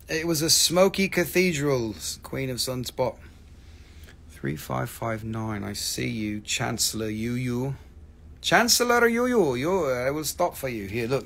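A middle-aged man runs a live-stream rock sale in loose sales chat. His voice is gravelly and rough. He talks excitably, hyping each stone and swearing casually. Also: medium pitch, unhurried.

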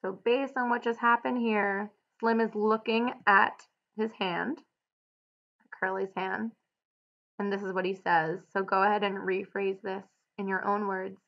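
Woman teacher, read-aloud with clear explanatory annotations, slightly muffled recording. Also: medium pitch, level tone, a little slow.

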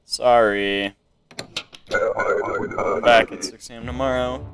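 Slow, bright-voiced man thinking aloud. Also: mid-range voice, fairly even intonation, a little hiss or hum. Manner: thinks aloud, checks items off to himself. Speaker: game player. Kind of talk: casual gameplay commentary.

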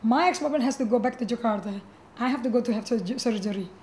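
High-voiced woman giving testimony. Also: fast talker, a little hiss or hum. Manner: animated, acts out quoted voices, frequent restarts. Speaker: pastor. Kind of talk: personal testimony storytelling.

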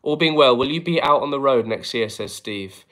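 A man talking casually from home at a middle pitch, reading out viewer comments one after another. His delivery is dry and he slips jokes in between them. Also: normal speed, a bit bright. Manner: dry, joking asides. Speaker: musician hosting a live stream. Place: home flat, indoors.

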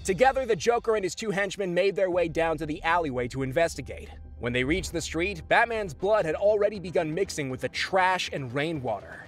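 A man reads a comic-book tale aloud in a dramatic, expressive way. His voice sits high and swings widely in pitch. Soft music runs quietly behind him. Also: brisk, hardly any pauses. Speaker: comic narrator. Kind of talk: scripted comedic story narration.

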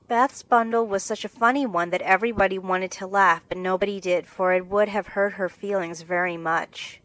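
A woman narrating a classic novel in a steady, clear scripted reading. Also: medium pitch, moderate pace, hardly any pauses, no echo, low-quality recording. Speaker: audiobook narrator.

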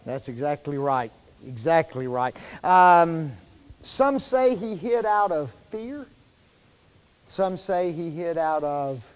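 A man with a high voice preaches a sermon, chatty and folksy, quizzing his congregation as he goes. His voice carries a long reverb from the church hall. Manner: conversational, quizzes the congregation with fill-in questions; folksy, informal wording. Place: church sanctuary.

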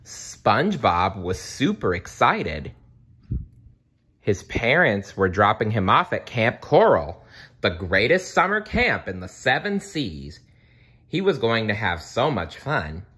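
A man reads a children's storybook aloud in a low, unhurried voice. His tone is bright, and his pitch moves in a lively way. He stumbles now and then and fixes his words. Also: breathy edge. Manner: expressive, occasional slips and self-corrections. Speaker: storybook reader. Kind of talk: children's book read-aloud.

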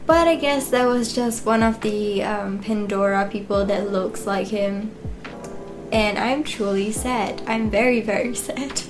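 A woman's voice: mid-range voice, a little slow, over music. A young woman hosting a movie reaction, chatting emotionally and laughing often. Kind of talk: casual reaction commentary.

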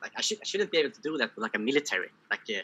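A man's voice: medium pitch, big pitch swings, very fast, very noisy. A man in a casual podcast discussion who rambles and fills his talk with "like" and restarts.

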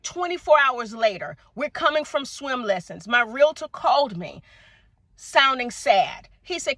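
Animated woman giving a lively testimony. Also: sits high, a little slow, no room sound. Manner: animated, preacherly, addresses viewers as y'all. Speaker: vlogger sharing a faith testimony. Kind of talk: casual testimony talk to viewers. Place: outdoors at sunset.

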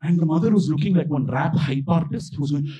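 In a fast, rather high voice, this young Indian stand-up races through an animated story, imitating the people he quotes. A live crowd watches at a small outdoor backyard venue, and the audio is rough.

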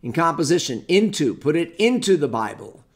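A man's voice: fairly high pitch, big pitch swings, normal speed. A man teaching an informal Bible study lesson on Greek grammar, explaining step by step and muttering to himself as he hunts through a book. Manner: rambling, talks to himself while hunting through a book.

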